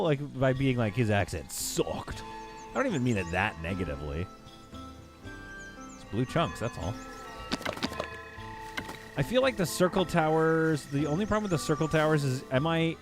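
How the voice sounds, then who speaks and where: A man's voice: fairly high pitch, creaky. A man casually thinking aloud and bantering with his chat while he plays a building game on a live stream. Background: background game music.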